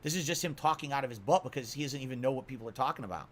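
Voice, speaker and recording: A man's voice: medium pitch, racing, a bit bright, slight background noise. A man streaming video games, talking to his audience in an incredulous, complaining rant. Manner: incredulous, complaining, repeats himself.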